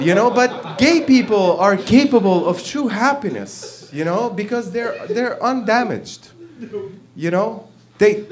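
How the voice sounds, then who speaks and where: A man doing a stand-up routine at an open mic, rambling and profane and laughing at his own jokes. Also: high voice. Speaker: stand-up comedian. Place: stage at an open mic night.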